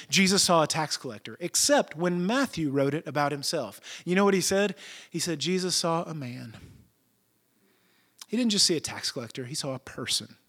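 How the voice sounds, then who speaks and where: A man preaching a sermon, retelling stories in animated, casual, slang-filled speech. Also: on the high side. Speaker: pastor.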